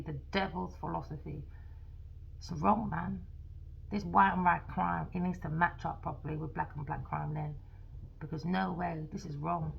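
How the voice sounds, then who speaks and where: A woman with a low, gravelly and husky voice, ranting with heat and swearing freely. She talks casually as a tarot reader venting to her viewers. The sound is dull and lo-fi. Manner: profane, ranting. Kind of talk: heated casual rant.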